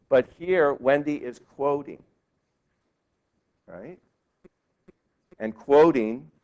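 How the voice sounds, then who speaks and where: Man lecturing a law class. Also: medium pitch. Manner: lively, quizzing students with questions. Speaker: law professor. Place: law school lecture hall.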